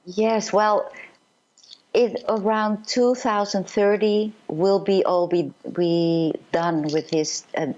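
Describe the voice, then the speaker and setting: A woman psychic medium telling her story in an interview, earnest and halting, with many fillers. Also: medium pitch, fairly even intonation, a little mellow, muffled recording.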